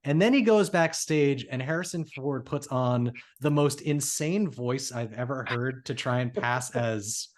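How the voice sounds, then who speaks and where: A man's voice: medium pitch, measured pace, few pauses. A man co-hosting a casual film podcast, rambling and joking, often restarting his sentences. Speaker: podcast co-host. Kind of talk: casual movie discussion.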